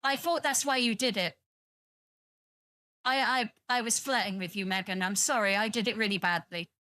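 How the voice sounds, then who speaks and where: A woman's voice: mid-range voice, moderate pace, sharp tone, no echo. A British woman streaming, chatting casually and rambling to her viewers, teasing them and swearing freely. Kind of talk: casual livestream chat with viewers.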